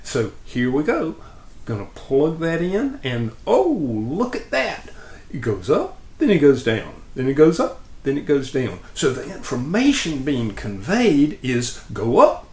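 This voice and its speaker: Patient man teaching with lively pitch swings. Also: measured pace, echoey room. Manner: patient, plain explanations with lively ups and downs. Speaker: instructor. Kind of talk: demonstration lesson.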